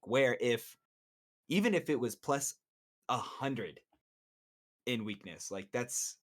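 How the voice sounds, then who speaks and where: A man's voice: mid-range voice, expressive, takes it slowly, long pauses. A man co-hosting a casual podcast, explaining game mechanics at length and swearing now and then. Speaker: podcast co-host. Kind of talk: casual chat.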